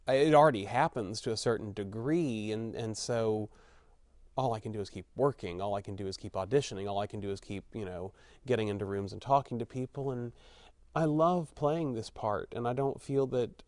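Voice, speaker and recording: An actor in his thirties from Texas, with a slight Texan accent, answers interview questions frankly and chattily, thinking aloud with fillers and restarts. His voice is medium-pitched and expressive, at a normal speed, in a dry recording.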